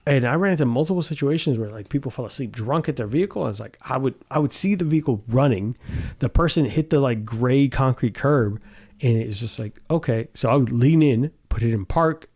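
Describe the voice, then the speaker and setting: Speaking briskly in a medium-pitched, lively, slightly mellow voice, this man co-hosts a podcast. He's a profane storyteller in a casual conversation, laughing a lot as he goes.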